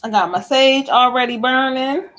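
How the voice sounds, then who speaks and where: Bright-voiced woman giving a card reading. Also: high voice, moderate pace. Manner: animated, talks to spirit and viewers. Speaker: psychic reader. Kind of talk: live stream card reading.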